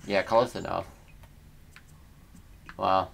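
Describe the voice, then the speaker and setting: A man's voice: fairly low pitch, a little slow, fairly bright tone, a little hiss or hum. A young man giving casual, laid-back gameplay commentary and reacting aloud in slangy talk. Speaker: let's player.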